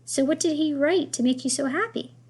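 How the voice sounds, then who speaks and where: A woman's voice: high-pitched, brisk, darkish tone, pitched above the performer's own voice, lightly acted. A woman reading aloud and voicing a doting but commanding elderly French grandmother with a French accent, asking insistent questions. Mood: fond, demanding.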